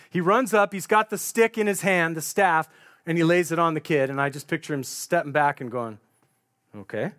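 A man with a notably high voice for a man, preaching a sermon. He retells a story in a loose, conversational way, painting the scene vividly for his listeners. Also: fairly bright tone.

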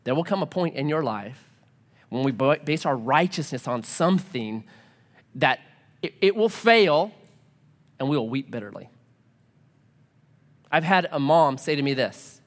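A man preaching a sermon as a pastor, animated and joking, acting out quoted voices. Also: a little high, normal speed, pauses often. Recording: long hall reverb.

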